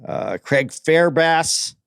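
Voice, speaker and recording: A man's voice: fairly high pitch, expressive, drawn-out words, vocal fry, a bit bright, clean tone, no echo, clean studio sound. A man co-hosting a podcast in casual chat, retelling eagerly with many restarts. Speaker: podcast co-host.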